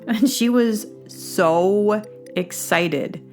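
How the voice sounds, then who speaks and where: A woman's voice: lowish voice, normal speed, faint music behind. A woman hosting her own show, telling a long casual story with many fillers and restarts, acting out what people said. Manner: acts out quoted dialogue with bursts of excited laughter. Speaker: podcast host.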